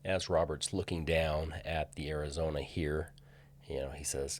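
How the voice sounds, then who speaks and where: A man's voice: rumbling low, fairly even intonation, moderate pace. A man casually walking through filming locations on screen, hesitant with many fillers and restarts. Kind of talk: casual screen-share walkthrough.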